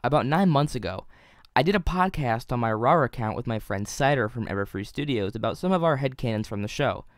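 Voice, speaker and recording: A man's voice: mid-range voice, expressive, a little fast, dry recording. A young man reads a scripted video review in a middle-range voice, analytical and dotted with wry asides. The recording is dry and close, with no room sound.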